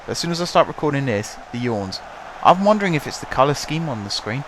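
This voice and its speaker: A young man, hoarse from shouting, talks through his football management game in a chatty, wry play-by-play. His pitch sits in an ordinary middle range. A faint noise hums under the desk-mic recording. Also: sing-song, fast talker. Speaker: gaming channel host. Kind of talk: casual let's-play commentary.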